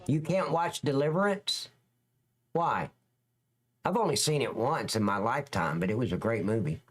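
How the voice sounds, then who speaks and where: A middle-aged man hosts a live reaction stream, his voice rising and falling in a lively, animated way. He rambles and jokes with his chat viewers. His pitch sits in the middle for a man. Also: normal speed. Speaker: live-stream host reacting to police videos.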